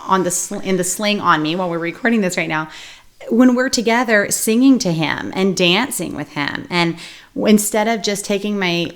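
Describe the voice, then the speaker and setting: A woman in her thirties hosting a casual conversation, chatty and lively as she tells stories. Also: mid-range voice, normal speed. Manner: lively, chatty, laughing storyteller. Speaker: host.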